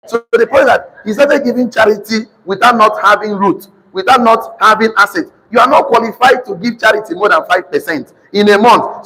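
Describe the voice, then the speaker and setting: A man with a Nigerian accent preaching to a live congregation, calling for responses and slowly repeating key lines for notes. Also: high-pitched, slightly rough. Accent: Nigerian English. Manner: sudden shouted emphasis. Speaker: motivational preacher. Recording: reverberant hall.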